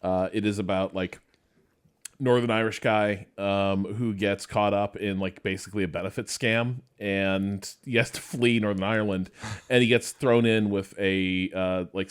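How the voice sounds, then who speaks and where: A man's voice: low-pitched, fairly even intonation, moderate pace, clear, resonant tone. A man co-hosting a podcast, chatting casually in a rambling, curious way. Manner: curious, rambling, full of fillers. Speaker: podcast co-host. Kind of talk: casual chat.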